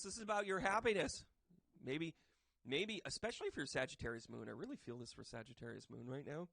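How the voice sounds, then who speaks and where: A man giving a casual tarot reading to camera, chatty and joking, with bursts of loud emphasis. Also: mid-range voice, expressive, brisk, vocal fry, no room sound. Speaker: tarot reader and medium. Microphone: microphone.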